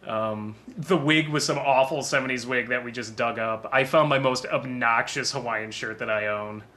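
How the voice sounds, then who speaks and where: A man talking through a DVD commentary in a casual, rambling way. He laughs often and is quick to run himself down. His voice is bright and forward, at a middle pitch. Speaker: film commentator.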